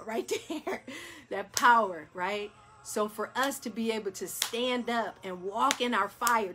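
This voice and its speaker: A woman hosting a chakra meditation session who talks in a chatty, excitable way and keeps turning to her listeners with questions. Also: medium pitch. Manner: chatty, addresses listeners as y'all, repeats "right?"; gets hyped, then slows and softens for breathing. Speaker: wellness host leading a chakra meditation. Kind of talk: animated guided meditation talk.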